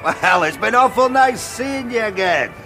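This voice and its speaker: An actor playing a pompous, condescending middle-aged socialist politician in a TV sitcom. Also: male voice, high-pitched, lively intonation, a little slow, over music. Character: pompous socialist politician who lost his roots. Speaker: politician character. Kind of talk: TV sitcom acting.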